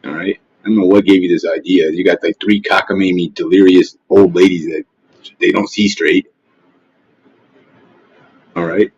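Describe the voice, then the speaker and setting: A man with a deep, husky voice rants on a casual livestream, cursing and mocking as he rambles. The sound is dull and lo-fi, recorded dry and close. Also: fairly even intonation, normal speed, pauses often, darkish tone, dry recording. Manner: profane, mocking, trash-talking. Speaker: livestream host. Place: at home, face not shown. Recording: dull, dry lo-fi stream audio.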